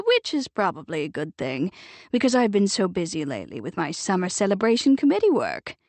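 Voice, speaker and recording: A prim older busybody who sniffs at anything she disapproves of, as a woman reads her. She talks airily and stresses her words firmly, with lively swoops in pitch, a gravelly edge and a dry, close sound. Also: a little fast, no echo, exaggerated voice. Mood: disapproving. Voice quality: haughty, emphatic and airy.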